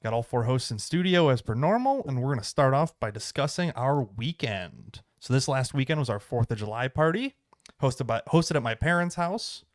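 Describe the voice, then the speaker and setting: A man's voice: medium pitch, sing-song, moderate pace, dry recording. An American man in a small studio chats loosely as the host of a podcast, rambling through a story with plenty of fillers. His voice sits mid-range and is recorded dry and close. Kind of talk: casual chat.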